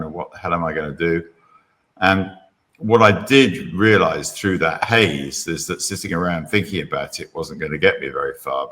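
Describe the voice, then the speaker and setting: An older man, a podcast guest, telling a long rambling story in a relaxed, self-deprecating way. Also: low voice.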